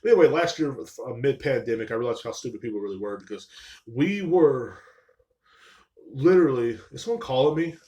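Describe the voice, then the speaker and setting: A man hosts his own live-streamed podcast, launching into a loose, rambling rant full of constant swearing and mockery, heard through a live stream mic. His pitch sits in the ordinary male middle range, with a darkish, expressive tone and brisk pace. He is short of breath, his labored breathing clearly audible.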